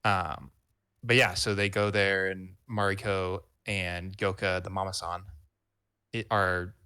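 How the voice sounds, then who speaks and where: A man's voice: sits low, little pitch movement, takes it slowly, bright, forceful tone, clean tone, no room sound, studio quality. A man co-hosting a book club podcast, explaining plot points with hesitant restarts. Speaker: podcast co-host. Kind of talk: casual book club chat.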